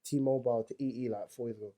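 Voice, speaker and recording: Fast-talking London man, podcast co-host. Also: mid-range voice, fairly even intonation, warm tone. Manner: joking, leads topics. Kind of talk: casual chat.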